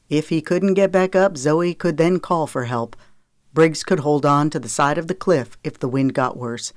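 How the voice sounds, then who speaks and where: In a dry, close recording free of room sound, an audiobook narrator delivers scripted narration of a romance novel. The voice stays steady and measured at an even middle pitch.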